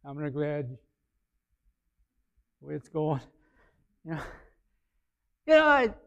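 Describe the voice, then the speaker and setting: A male pastor preaching a sermon, animated, swinging between quiet asides and loud bursts. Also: fairly high pitch, slow, creaky, clear, resonant tone. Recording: slightly dull, lo-fi sound.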